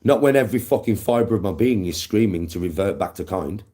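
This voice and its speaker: A man's voice: fairly low pitch, animated, fairly quick, dark tone. A man livestreaming to his chat, talking intensely and emphatically with a lot of swearing.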